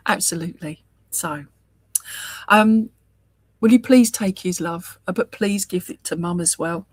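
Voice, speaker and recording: A woman giving a live mediumship reading, speaking gently and reassuringly and often murmuring sympathy. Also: medium pitch, expressive, slow, long pauses, dry recording. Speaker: spiritualist medium.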